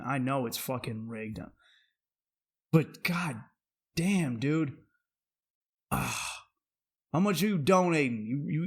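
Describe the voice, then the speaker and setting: Brash, profane man ranting on a podcast. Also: on the high side. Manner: profane, brash and animated, swearing freely. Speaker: podcast host. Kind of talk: comedic podcast rant.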